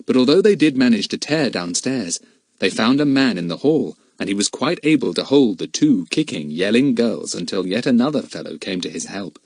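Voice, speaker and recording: A man reading a children's adventure novel aloud as narrator, in a steady storytelling manner. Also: medium pitch, moderate pace, dry recording, clean studio sound. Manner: steady storytelling, shifting into character voices. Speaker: audiobook narrator. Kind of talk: scripted narration.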